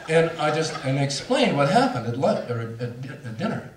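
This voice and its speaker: A man's voice: fairly high pitch, sing-song, a little slow, long pauses, a bit bright, a little hiss or hum. Middle-aged man, candid storyteller, roomy hall, recorded from a distance. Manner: candid, self-mocking, laughs through the story. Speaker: speaker. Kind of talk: storytelling talk to an audience.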